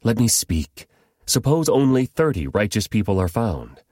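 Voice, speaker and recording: A man voices a humble old patriarch pleading earnestly for mercy in a scripture reading. The voice stays low but lifts when he begs. The sound is close and dry. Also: very animated, normal speed, a little mellow, no echo.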